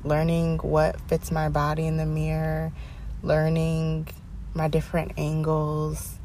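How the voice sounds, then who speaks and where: A young woman talks through her solo podcast in a low, gravelly voice with plenty of vocal fry. She chats casually and animatedly, tossing in sassy asides. A faint hiss sits under the recording. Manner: chatty, animated, sassy asides with drawn-out emphasis. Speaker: podcast host. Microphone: headphones, home podcast mic.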